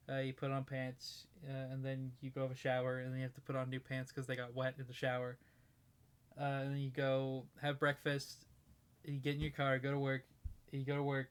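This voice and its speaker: A young woman with a clear, resonant, low bass voice co-hosts a podcast in a relaxed chat. She giggles often while dreaming up absurd hypothetical scenarios.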